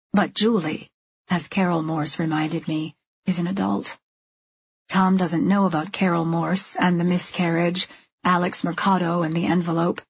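A woman reading first-person fiction in an intimate, measured, confessional way. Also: on the low side, flat delivery, highs cut off, slight background noise. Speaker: audiobook narrator. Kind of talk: scripted first-person narration.

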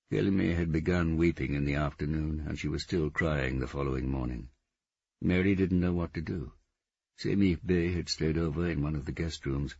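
A man narrating a novel in steady, measured scripted narration. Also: rumbling low, husky, dry recording, lo-fi sound. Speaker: audiobook narrator.

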